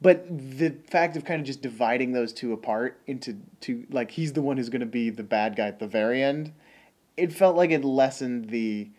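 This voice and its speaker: Male co-host for a relaxed film podcast, mid-range voice, talks loosely with fillers. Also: mid-range voice, moderate pace. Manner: chatty, many fillers and restarts. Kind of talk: casual film discussion.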